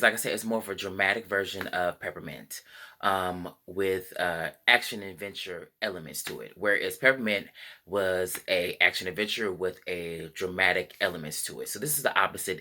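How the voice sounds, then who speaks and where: A man's voice: sits low, sharp tone. A man giving a casual spoken movie review, rambling with frequent fillers and self-corrections. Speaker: film reviewer.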